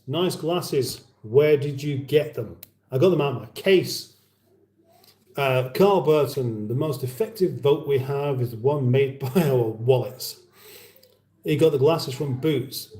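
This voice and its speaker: A man's voice: medium pitch, mellow, roomy sound. Chatty man on a livestream. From United Kingdom. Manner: chatty, rambling, reads out viewer comments. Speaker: livestream host. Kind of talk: casual livestream chat.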